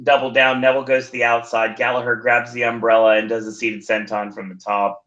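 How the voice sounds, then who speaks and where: A man's voice: medium pitch, flat delivery, a little fast, a bit bright, highs cut off. A man hosting a casual wrestling podcast, recounting a match play by play with dry asides. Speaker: podcast host. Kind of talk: casual wrestling recap chat.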